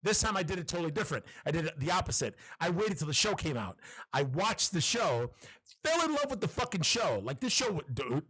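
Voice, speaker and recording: A man co-hosting a casual podcast chat, gushing and swearing freely as he talks. His voice sits a little high and comes across bright and forceful. He repeats words often as he gets going. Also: big pitch swings, fairly quick, slightly rough. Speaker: podcast co-host.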